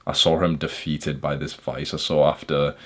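A man from England, hosting a podcast, candidly recounting his childhood in an intense, halting way. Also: very deep voice, level tone, fairly bright tone. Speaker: podcast host. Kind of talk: personal storytelling monologue.

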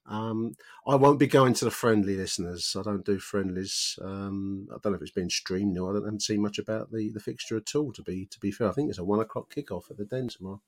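Chatty English football podcast host. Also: male voice, lowish voice, quick pace. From England. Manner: chatty, addresses listeners directly. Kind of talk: casual football podcast chat.

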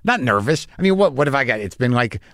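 A man's voice: medium pitch, animated, quick pace, gravelly, a bit bright, no room sound, studio quality. A middle-aged man hosting a podcast, telling stories in a rambling comedic monologue, self-mocking and acting out the voices of people he quotes. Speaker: podcast host.

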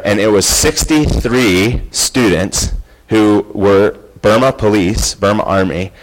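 A man's voice: lowish voice, rough recording. A man in his thirties telling a personal story in an earnest, conversational way, acting out quoted lines. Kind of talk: storytelling talk.

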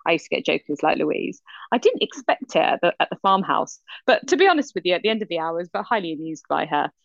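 Animated woman telling a story. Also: fairly low pitch, fast talker, gravelly, no room sound, highs cut off. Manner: animated storytelling with lively quoted voices. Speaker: podcast co-host. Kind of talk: casual chat.

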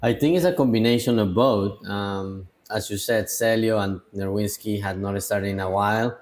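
A man co-hosting a casual sports podcast live from a tavern, speaking in a relaxed, hesitant way. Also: on the low side, moderate pace. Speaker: podcast co-host. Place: bar and tavern, live on location.

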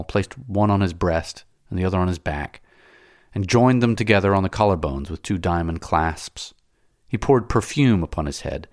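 A man reading a classic novel aloud as an audiobook narrator, in a measured, dramatic way. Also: low-pitched, dry recording, clean studio sound.

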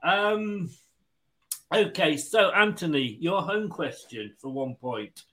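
A man's voice: on the high side, expressive, slow, sharp tone. A man hosting a casual online quiz, joking and laughing as he explains the rules and reads comments. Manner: jokey, chatty, laughs often. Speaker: quiz host.

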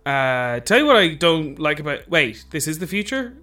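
A man's voice: fairly high pitch, sing-song, normal speed, pushed and bright, far from the mic. A man improvising a clueless caveman, the first human, doing a confused and flustered stand-up set. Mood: bewildered. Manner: flustered, pleading, rising to outbursts.

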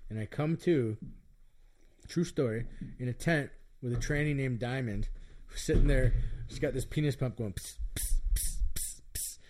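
A man's voice: mid-range voice, moderate pace, a little mellow. A middle-aged man telling candid, self-mocking stories in casual chat, rambling with lots of fillers. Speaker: podcast guest storyteller.

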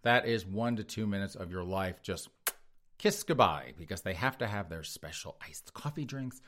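A man in a podcast rant, reading out headlines and tearing into them with sneering sarcasm. He chuckles at his own lines as he goes, and his voice sits on the low side. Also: normal speed, a bit bright, slight background noise. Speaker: podcast host. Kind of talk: sarcastic news commentary.

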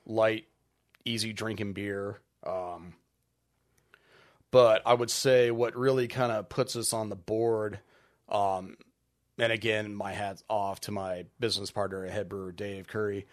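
A man who owns a brewery, talking casually as a podcast guest, relaxed and rambling with lots of filler ums. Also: fairly low pitch, a little slow. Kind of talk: casual interview chat.

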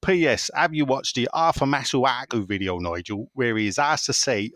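A man's voice: medium pitch, moderate pace, fairly bright tone, no echo. A man hosting a casual podcast, reading listener messages in a rambling, jokey way. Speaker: podcast host.

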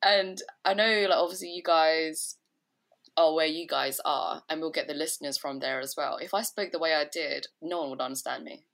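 A woman's voice: low-pitched, normal speed, creaky, fairly bright tone. A young woman co-hosting a podcast, chatting loosely with lots of fillers and restarts. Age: young adult. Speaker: podcast co-host. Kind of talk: casual chat.

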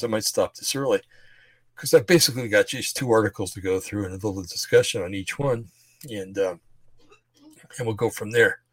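A man's voice: lowish voice, dry recording. Rambling, slightly breathless man on a livestream. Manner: loose, rambling, many fillers and restarts. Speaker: podcast host. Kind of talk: rambling religious commentary livestream.

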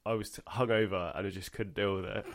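A man's voice: lowish voice, steady tone, quick pace. A man co-hosting a podcast, reading out odd stories in casual banter and laughing often. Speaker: podcast co-host.

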